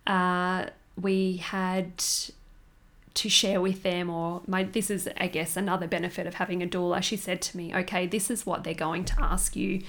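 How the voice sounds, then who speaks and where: A woman's voice: on the low side, flat delivery, moderate pace, a bit bright. A young woman hosting a podcast, telling a personal story candidly and emotionally, laughing often. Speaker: podcast host.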